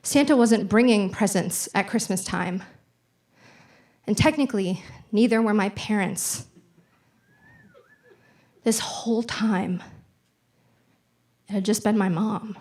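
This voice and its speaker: A woman's voice: medium pitch, takes it slowly, long pauses. A young adult woman performing stand-up comedy on a theater stage, telling a story and acting out the dialogue. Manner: animated, acts out dialogue in voices.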